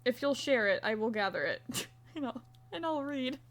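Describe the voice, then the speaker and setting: A young woman with a slightly high voice chats playfully through a casual live stream. She reads her viewers' messages aloud, teases them, and drops into soft counting as she crochets. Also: expressive, normal speed. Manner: counts stitches under her breath.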